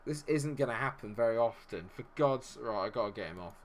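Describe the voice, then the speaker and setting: A man's voice: medium pitch, lively intonation, brisk, a little hiss or hum. A man streaming a football management game live, swearing and groaning at the match and chatting with viewers. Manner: exasperated, swears freely at the game. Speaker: gaming streamer. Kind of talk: live gameplay commentary.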